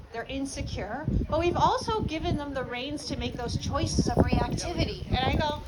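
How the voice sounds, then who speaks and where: A woman with a high, light voice explains dog training in a calm, confident way. Every so often she slips into a quick aside spoken to a dog. Loud background noise runs under her voice throughout. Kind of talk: talk at a live event.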